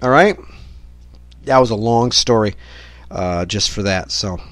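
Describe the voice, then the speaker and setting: A man's voice: on the low side, unhurried, a bit bright, dry recording. Profane, rambling man podcast host. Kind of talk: rambling solo monologue rant.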